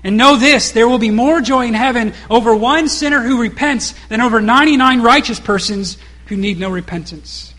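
A man's voice: very high-pitched, moderate pace, bright, forceful tone. A middle-aged man preaching a sermon, mixing rhetorical questions with casual asides. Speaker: pastor.

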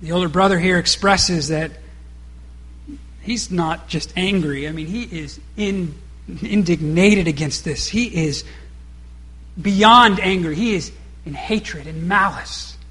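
Bright, high-voiced male preacher. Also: slow, husky. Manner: preaching with rhetorical questions and casual asides. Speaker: pastor. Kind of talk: sermon.

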